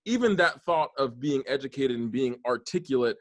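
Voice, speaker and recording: A man's voice: mid-range voice, lively intonation, normal speed, no echo. A man hosting a podcast, talking earnestly and at length in a casual, rambling way with many restarts. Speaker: podcast host.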